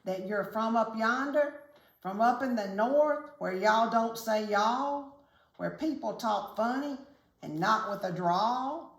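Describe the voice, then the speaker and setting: A woman's voice: fairly high pitch, slow, voice pushed up. A woman voicing a curious little girl who asks wondering questions. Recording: echoey room, faint hiss.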